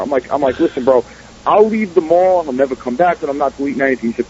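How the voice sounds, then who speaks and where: A man's voice: on the high side, animated, very fast, a little hiss or hum. A man with a New York-area accent telling stories as a filmmaker guest in a casual interview, profane and streetwise. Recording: dull radio audio.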